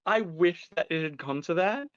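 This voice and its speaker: A man hosting a casual chat show, telling stories with animated energy and some casual swearing. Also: a little high, moderate pace, no echo, lo-fi sound. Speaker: podcast host.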